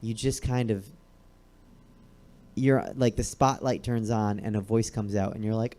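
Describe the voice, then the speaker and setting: Mellow-voiced man hosting, hesitant questions. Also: lowish voice, fairly even intonation, unhurried, long pauses. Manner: hesitant, inquisitive, restarts questions. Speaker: talk show host. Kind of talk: casual interview chat. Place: comedy theater stage.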